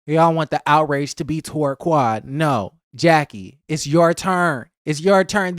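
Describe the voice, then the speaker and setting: A man hosting his own channel, sassy and animated as he fires off rhetorical questions in casual pop-culture commentary. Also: fairly high pitch, moderate pace, hardly any pauses, no room sound, studio quality. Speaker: host.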